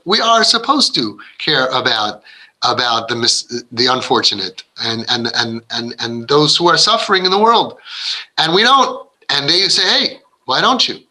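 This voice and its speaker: A man's voice: on the high side, bright, forceful tone, low-quality recording. A man giving an earnest, rambling inspirational talk to parents, often restarting his sentences and acting out what kids and parents say. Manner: acts out quoted voices of kids and parents. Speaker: parenting speaker.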